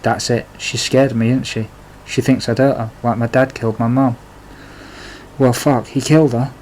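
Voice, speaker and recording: A man's voice: mid-range voice, fairly even intonation, moderate pace, darkish tone, slight background noise, rough recording. A man narrating his own life story in a plain, confessional way, with blunt swearing. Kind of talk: memoir storytelling.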